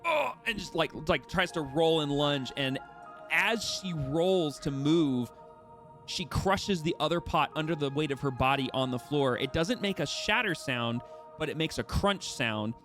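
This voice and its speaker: A man running a tabletop game as game master, narrating in a lively, animated way with frequent restarts. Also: fairly high pitch, unhurried, soft background music.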